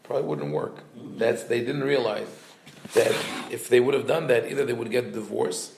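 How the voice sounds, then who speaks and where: A man with a gravelly, rough edge to his mid-pitched voice, teaching as a rabbi. He retells an old story, thinking aloud with restarts and acting out each quote in a livelier voice. His voice rings in a roomy, echoey space. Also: fairly even intonation, moderate pace, noisy background. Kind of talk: talmudic story lesson.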